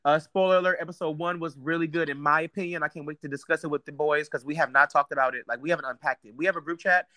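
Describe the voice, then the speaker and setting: A man's voice: a little high, sharp tone, no echo. A man co-hosting a casual podcast, playful and sassy, often laughing. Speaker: podcast co-host.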